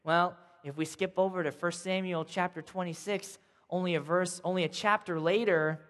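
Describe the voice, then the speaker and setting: A man's voice: high-pitched, steady tone, normal speed, fairly bright tone, long reverb tail. A man telling a Bible story as a casual, jokey sermon, acting out the characters for a young crowd. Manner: casual, jokey, acts out voices.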